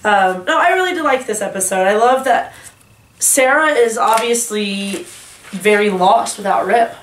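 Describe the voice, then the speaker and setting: A woman's voice: medium pitch, a little slow. A woman co-hosting a casual TV recap chat, laughing often and restarting her sentences. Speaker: podcast co-host. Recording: echoey room, far from mic, faint hiss.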